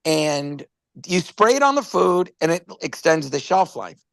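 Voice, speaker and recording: Gravelly, animated man telling stories. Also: fairly high pitch, a little slow, no echo. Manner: rambling storyteller, animated, repeats words. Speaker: company presenter on a product stream. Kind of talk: casual live product chat.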